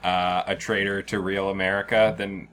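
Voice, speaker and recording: A man's voice: low-pitched, flat delivery, normal speed, a bit bright, slight background noise. A man co-hosting a comedic podcast, posing absurd questions in casual chat. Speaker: podcast co-host.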